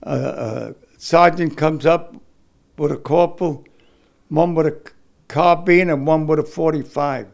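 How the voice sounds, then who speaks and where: An older man, giving a halting, emotional oral history of his war experience. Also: fairly high pitch, gravelly. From New York City. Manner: halting, repeats words, emotional.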